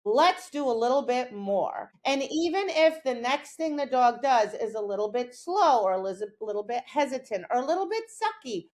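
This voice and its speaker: A middle-aged woman with a fairly high voice explains dog training in a relaxed podcast chat, speaking at a moderate pace with hardly any pauses. Animated, she keeps slipping into little acted lines for herself and for her dog's reactions.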